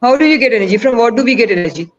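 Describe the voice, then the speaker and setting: A woman's voice: a little high, animated, rapid-fire. Encouraging woman, lo-fi call. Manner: asks the audience questions, coaxing and encouraging. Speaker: webinar presenter. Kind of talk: interactive online teaching talk.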